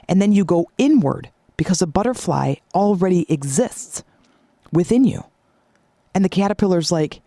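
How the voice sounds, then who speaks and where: A woman's voice: lowish voice, expressive, moderate pace, dark tone, dry recording, clean studio sound. A woman hosting a motivational podcast, coaching listeners in an emphatic, repetitive way. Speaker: podcast host.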